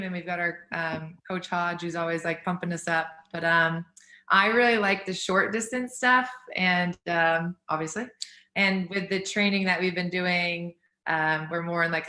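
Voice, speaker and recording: A woman answers interview questions hesitantly, filling her pauses with um and like. Her voice is low-pitched and bright, and the room around her is echoey. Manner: hesitant, with many ums and likes. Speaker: interview guest.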